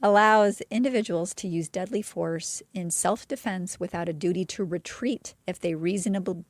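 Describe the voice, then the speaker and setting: A woman's voice: lowish voice, moderate pace, dry recording. A woman co-hosting a casual true-crime podcast, retelling a case conversationally with blunt asides. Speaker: podcast co-host.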